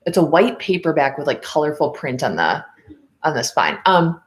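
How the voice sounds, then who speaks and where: A woman hosting a casual podcast livestream, chatting loosely with lots of fillers and restarts, and quoting others in a mock higher voice. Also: sing-song, normal speed. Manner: rambling, many fillers and restarts. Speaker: podcast host.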